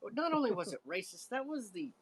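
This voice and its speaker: A woman co-hosting a homebrew show, chatting casually on a live stream, animated and teasing with frequent laughs. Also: mid-range voice, fast, slightly rough.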